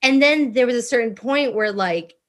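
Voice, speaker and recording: A woman's voice: fairly high pitch, moderate pace. A woman in her twenties chatting on a podcast, telling a story with lots of laughter and acted-out dialogue. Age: 20s. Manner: animated storytelling, acts out dialogue, laughs often. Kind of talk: candid podcast chat.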